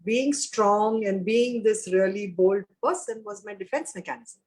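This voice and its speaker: A woman's voice: mid-range voice, unhurried, low-quality recording. A woman in her fifties as an interview guest, speaking frankly and reflectively and repeating phrases for emphasis. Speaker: guest, actor and mother. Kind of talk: candid interview conversation.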